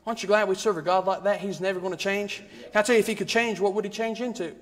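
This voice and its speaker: Male preacher, high voice, rhythmic repeated refrains, long church reverb. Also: steady tone, fast talker. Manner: rhythmic, repetitive preaching with rising emphasis. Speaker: guest preacher. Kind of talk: sermon. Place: church sanctuary.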